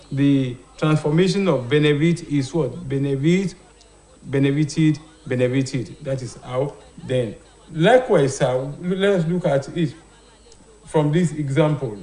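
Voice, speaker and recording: A man's voice: on the high side, darkish tone. A man teaching an English pronunciation lesson on television, asking rhetorical questions and answering them himself, with frequent hesitations. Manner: hesitant, with many "uh" and "what" fillers. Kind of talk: TV classroom lesson.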